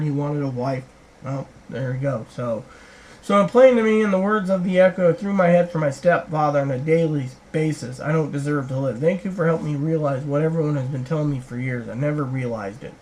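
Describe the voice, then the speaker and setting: Rambling at length in a vlog reply to viewer comments, a middle-aged woman recounts conversations and performs others' lines. She speaks a little fast in a low, darkish voice, and the rough recording carries a faint hiss.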